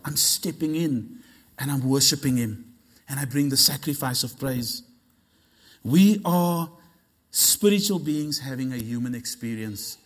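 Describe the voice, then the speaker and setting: A man preaching a sermon, telling a story in an animated way and acting out the dialogue. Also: a little high. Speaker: pastor.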